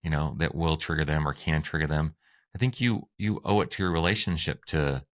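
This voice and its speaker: A man's voice: very deep voice, fairly quick. A man co-hosting a relationship advice talk, walking through tips with enthusiasm. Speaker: podcast co-host.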